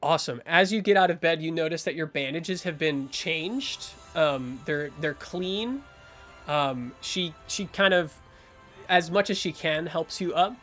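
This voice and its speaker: A man's voice: on the high side, measured pace, fairly bright tone, soft background music. A man narrating as game master of a tabletop game, improvising with lots of fillers and restarts.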